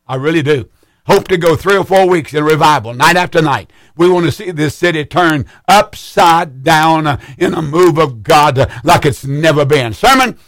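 Preacher guy running a call-in radio show, kinda high voice, fired up, repeats himself a lot, dry close sound. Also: a bit bright, no room sound. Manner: fervent, repetitive preacher's cadence. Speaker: radio host and pastor.

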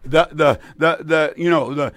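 A man's voice: on the high side, steady tone, unhurried, fairly bright tone, no echo. A man in his eighties hosting a call-in radio program, preaching earnestly with many restarts and repeated words. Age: 80s.

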